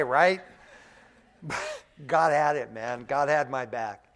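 Male preacher, fairly high-pitched, casual and folksy, quiet one moment, loud the next. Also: unhurried, long pauses. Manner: casual and folksy, often adds "man", swings from quiet to loud. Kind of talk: conversational sermon.

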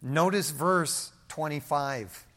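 A man preaching from the pulpit, his voice sitting a little high. He drops to near hushed lines and then climbs to loud, emphatic ones, and he slips into casual storytelling with a touch of humor. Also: takes it slowly. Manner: preaching with big swings in volume, from hushed to emphatic; telling everyday stories with light humor. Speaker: pastor. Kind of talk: sermon.

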